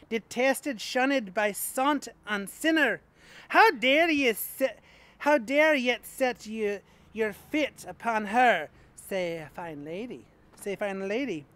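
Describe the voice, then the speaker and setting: A man's voice: high-pitched, fairly bright tone, heavily acted. A man reading a poem aloud in a put-on Scottish accent, voicing an indignant churchgoer who scolds a louse. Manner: declaiming verse in broad dialect.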